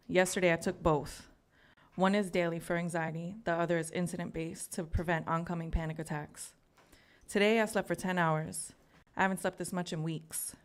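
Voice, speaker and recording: Low-voiced woman reading her poem. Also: smooth. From New York City. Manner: earnest, measured reading with pauses. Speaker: open mic poet. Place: live open mic in a community venue.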